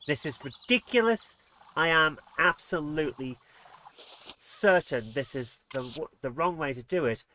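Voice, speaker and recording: A man's voice: fairly high pitch, bright, forceful tone. A man commentating casually on his gameplay as a let's play host, exasperated and muttering under his breath.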